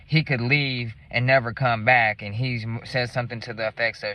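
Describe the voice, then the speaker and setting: A man's voice: mid-range voice, fairly even intonation, fairly quick, few pauses, muffled recording. Rambling, profane man telling a story. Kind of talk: casual storytelling.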